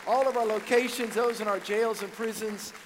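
A man's voice: high voice, steady tone, moderate pace, in a large hall, a loud crowd, heavy background noise. A pastor preaching a sermon to his congregation, full of call-and-response and repeated words as he builds to key points. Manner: repeats words and restarts phrases, stretches key words. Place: large church auditorium.

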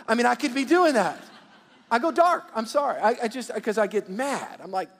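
A man with a high, gravelly voice preaches in a call-and-response style, often repeating himself and prompting the congregation to answer. His voice carries a long reverb from the church hall around him. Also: lively intonation, fairly quick. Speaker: pastor. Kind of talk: sermon. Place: church sanctuary.

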